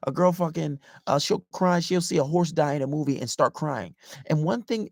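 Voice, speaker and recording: A man's voice: on the high side, vocal fry, dry recording, clean studio sound. A man as a dating coach, giving casual advice in an emphatic, profane way, repeating his points and asking "right?".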